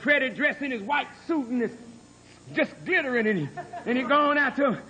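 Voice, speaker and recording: A minister in his fifties preaches dramatically in a church hall, adding mocking sing-song asides as he mock-croons the words of quoted lovers. His voice is very high and sharp, a little fast. There is a little hiss or hum.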